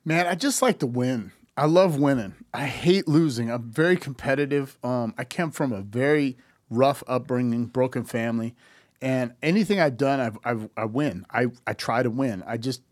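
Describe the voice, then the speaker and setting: In a studio-quality recording free of room sound, a fifties-aged man speaks at a normal speed in a mid-range voice. As a podcast guest he chats casually, spinning lively stories, performing the quoted lines, and frequently starting sentences over.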